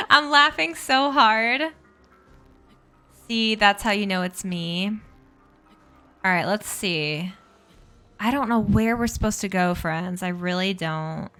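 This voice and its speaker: A woman's voice: medium pitch, sharp tone. A woman live-streaming a game, chatting casually with viewers, thanking and greeting them and laughing often.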